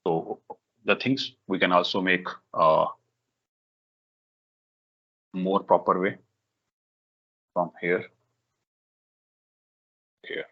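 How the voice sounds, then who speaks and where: A man leading a live software tutorial for a workshop, talking in halting bursts with many fillers, restarts and repeated "okay"s. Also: deep voice, flat delivery. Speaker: workshop instructor. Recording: dull lo-fi recording.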